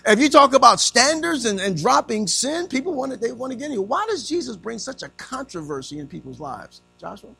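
A man's voice: very high voice, very animated, a little fast, gravelly, few pauses, pushed and bright, soft background music. A man preaching a sermon, quizzing his congregation in call-and-response style.

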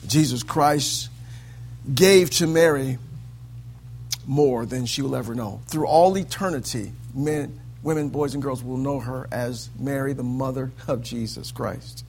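A man preaching a sermon in a church, swinging from hushed lines to loud, sing-song peaks. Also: mid-range voice, measured pace, a little hiss or hum.

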